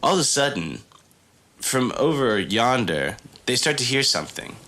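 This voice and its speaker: A man co-hosting a podcast, improvising a comic story in a playful, quick way. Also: mid-range voice, big pitch swings, bright, forceful tone. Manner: playful, quick, laughs often. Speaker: podcast co-host.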